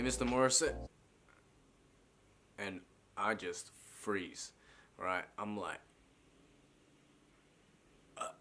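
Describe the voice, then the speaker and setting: A young man casually telling a story as a vlogger, swearing freely and often adding "right?". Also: lowish voice. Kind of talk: storytime monologue. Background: music.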